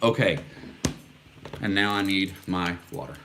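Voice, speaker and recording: A man's voice: low-pitched, steady tone, unhurried, background noise. A middle-aged man from Texas, chatting casually and earnestly on a livestream, rambling with many fillers as he answers viewers' comments. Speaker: vlogger answering live comments.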